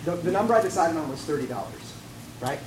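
A man's voice: a little high, lively intonation, quick pace, darkish tone, a little hiss or hum, low-quality recording. A man giving a sermon in a church, telling a conversational, self-mocking personal story and acting out the dialogue. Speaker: pastor.

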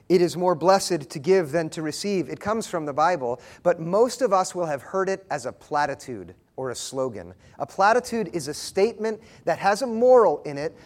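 A man in his thirties preaching a sermon, telling a story earnestly and pausing for emphasis. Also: sits high. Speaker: pastor.

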